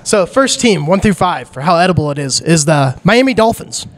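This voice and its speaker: A man's voice: fairly high pitch, expressive, moderate pace. A male podcast host in casual chat, upbeat, asking questions and laughing easily.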